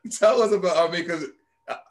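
A man hosting a talk show, asking questions in a relaxed, encouraging way. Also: high voice. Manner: encouraging, frequent backchannel yeahs. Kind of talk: casual interview chat.

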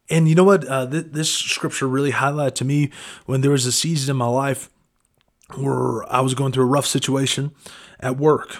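Man, casual devotional teaching, conversational, relaxed filler words, mid-pitched voice. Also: normal speed. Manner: conversational, frequent fillers like "man" and "you know". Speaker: preacher.

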